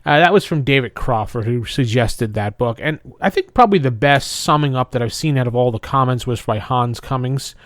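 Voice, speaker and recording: A man co-hosting a casual gaming podcast, running through listener suggestions in an easy conversational way. His pitch is middling. The recording is dry and close. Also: a little fast, few pauses, no echo. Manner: conversational, rounds up listener comments. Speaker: podcast co-host.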